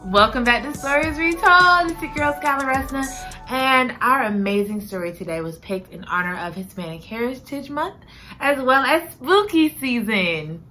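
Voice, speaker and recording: Woman podcast host, bright crisp voice, casual chatty delivery with playful asides. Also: sits high, moderate pace, soft background music. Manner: chatty, animated, laughs at her own slips. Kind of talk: casual chat and book reading.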